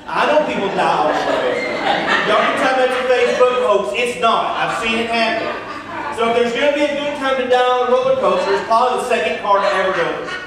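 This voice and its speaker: A man in his thirties, a senior pastor telling a comic story in a sermon, joking at his own expense with playful exaggeration. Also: high voice. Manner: self-deprecating humor, playful exaggeration. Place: large church sanctuary. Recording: echoey church hall, distant mic, noise.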